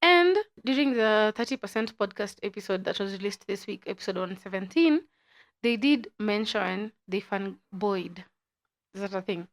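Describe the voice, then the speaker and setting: A woman's voice: mid-range voice, lively intonation, moderate pace. A woman with a Kenyan accent hosting a podcast, chatting casually in a playful, chatty way. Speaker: podcast host.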